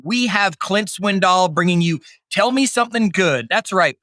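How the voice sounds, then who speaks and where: A man's voice: high-pitched, expressive, moderate pace, pushed and bright, dry recording, studio quality. A middle-aged man hosting a podcast, opening the show with a hyped, jokey delivery and then interviewing his guest. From Canada. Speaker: podcast host. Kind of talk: upbeat podcast intro and interview.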